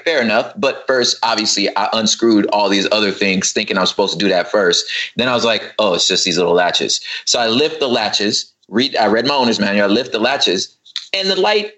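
A man chatting as a podcast guest, telling a story in an animated way and acting out his own exasperated asides. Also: mid-range voice, fairly quick, low-quality recording. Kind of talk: casual chat.

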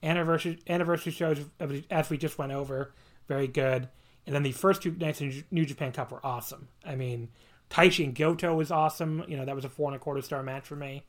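A man's voice: fairly high pitch, steady tone, quick pace. A man hosting a podcast in casual chat, rambling and enthusiastic, laughing and swearing as he talks. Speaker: podcast host.

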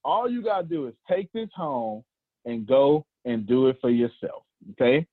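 A husky Southern American man in his forties leads a motivational call, preaching in animated bursts and circling back over his own phrases. His voice reaches us through a tinny, phone-like video call line with a close, dry sound. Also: medium pitch, moderate pace, dry recording. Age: 40s. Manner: animated, preachy, repeats phrases, talks to the group. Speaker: host of a coaching call.

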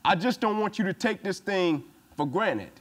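A man's voice: high-pitched, lively intonation, moderate pace. A man giving a punchy, emphatic motivational speech to a football team, repeating his phrases for emphasis. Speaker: motivational speaker.

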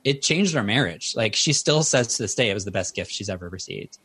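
A man's voice: fairly low pitch, expressive, fairly quick, bright, forceful tone, slightly rough. A man in his thirties, a guest author in an interview, telling personal stories in an earnest, conversational way.

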